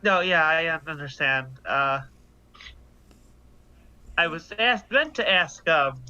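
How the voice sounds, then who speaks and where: A man plays his turn in a tabletop game, talking hesitantly and restarting often. His voice is very bright and sharp, and slightly high. The audio is dull and lo-fi. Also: expressive, takes it slowly, clean tone. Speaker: player. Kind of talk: tabletop role-play chat.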